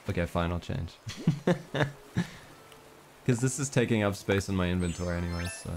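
A man streaming a game, chatting casually in an excitable, playful way and reading game text aloud. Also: lowish voice, normal speed, long pauses, a little hiss or hum. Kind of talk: casual gameplay chat.

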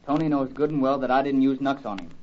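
A man plays a calm, earnest young hero who lectures kids in an even, mid-range voice. It is an old radio recording, dull with faint hiss. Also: medium pitch, fast talker, lightly acted. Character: steady young athlete hero, fatherly to kids. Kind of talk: 1940s radio acting.

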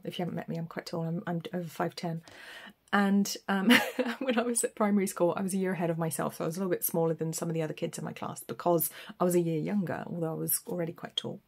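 Woman, middle-aged, tarot reader, rambling casual talk, breathy voice. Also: on the low side. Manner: chatty, rambling, laughs often. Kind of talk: casual spoken reading.

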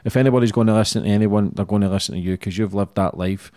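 Male interview host, low and warm, dry close sound, steady and encouraging. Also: very fast, no room sound. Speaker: podcast host. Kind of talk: interview hosting.

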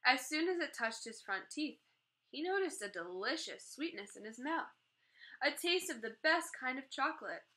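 A woman reading a children's chapter book aloud, gently voicing the characters as she goes. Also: high-pitched, expressive, normal speed, poor audio. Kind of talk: read-aloud storytelling.

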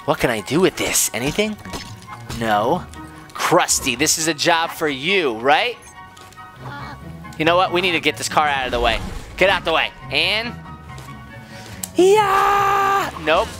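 A man hosting a let's-play, joking excitably as he plays a game, with game music behind him. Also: fairly high pitch, moderate pace, long pauses. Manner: excitable, goofy, jokey. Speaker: gaming channel host.

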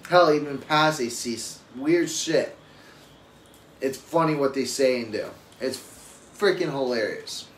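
A man's voice: mid-range voice, a little slow. A young adult man and father talking casually on a live stream, telling rambling, profane stories. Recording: roomy echo with faint ambient noise.

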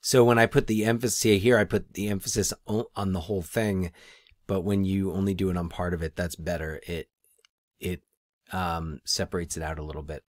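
A man teaching his students in a screen-recorded tutorial, relaxed and thinking aloud as he clicks through the steps. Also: deep voice, a little fast, no room sound, clean studio sound.

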